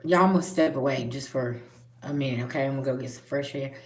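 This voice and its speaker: A woman's voice: rumbling low, brisk. A woman giving a spiritual reading straight to the viewer, earnest and direct. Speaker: spiritual reader. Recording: roomy echo.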